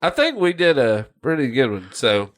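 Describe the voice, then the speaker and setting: A man's voice: medium pitch, big pitch swings, moderate pace. A man co-hosting a gaming podcast, riffing crude jokes and laughing often between lines. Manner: laughs often, riffs profanely. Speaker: podcast co-host. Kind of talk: crude joking banter.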